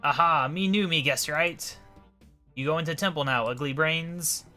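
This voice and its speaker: A man's voice: a little high, moderate pace, pushed and bright, soft background music, pitched above the performer's own voice. A man voicing a blunt male goblin gatekeeper in a video game, speaking in broken grammar.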